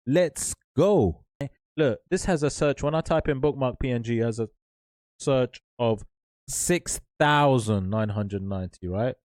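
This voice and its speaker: A man's voice: mid-range voice, a little mellow, no echo. Hyped guy walking viewers through a tutorial, dry close sound, keeps saying guys and right. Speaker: online seller tutorial host. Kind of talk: energetic screen-share tutorial.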